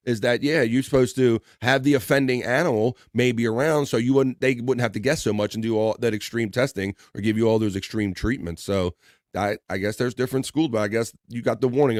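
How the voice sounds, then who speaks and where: A man's voice: mid-range voice, brisk, dry recording, studio quality. A man hosting a casual live stream, joking around and reading viewer comments aloud. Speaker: live show host.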